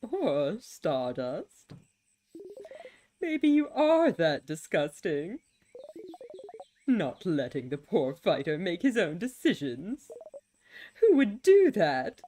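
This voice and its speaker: A woman's voice: on the low side, huge pitch swings, takes it slowly, long pauses, warm tone, slight background noise, exaggerated voice. A woman reading aloud the lines of a mocking, theatrical star-like being in a video game, with a dramatic, taunting delivery. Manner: dramatic, taunting, mock-wounded.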